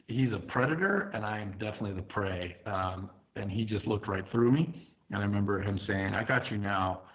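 A man's voice: lowish voice, a little fast. Man telling his story over a phone line. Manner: conversational, many fillers, acts out his own thoughts. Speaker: podcast guest, firefighter telling his story. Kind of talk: personal storytelling.

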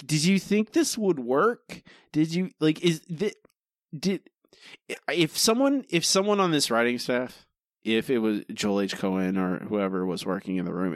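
Male co-host, animated and exasperated, mid-pitched, dry close-mic sound. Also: no echo. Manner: animated, exasperated, laughs often. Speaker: podcast co-host. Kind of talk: casual chat.

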